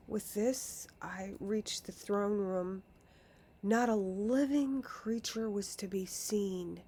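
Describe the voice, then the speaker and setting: Slow, hushed woman reading a storybook. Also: mid-range voice, slight background noise. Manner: slow, deliberate, often slipping into a hush. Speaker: narrator.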